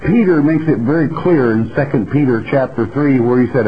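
A male Bible teacher speaks to his broadcast audience in a blunt, folksy, emphatic way. His voice sits at an ordinary middle pitch. The recording is dull and lo-fi, like an old broadcast. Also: brisk, hardly any pauses.

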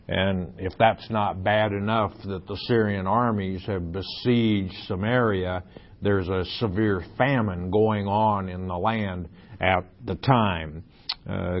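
Slow, low-voiced man teaching Scripture. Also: fairly even intonation. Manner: slow, deliberate reading with explanatory asides. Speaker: Bible teacher. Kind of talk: Bible lecture. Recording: dull lo-fi recording.

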